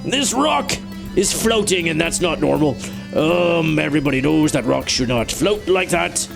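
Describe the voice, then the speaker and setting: Goofy, animated gamer man, gravelly voice. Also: normal speed, over music. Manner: goofy, jokey, self-mocking; animated, playful pitch swings. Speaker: gaming YouTuber. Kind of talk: let's play commentary.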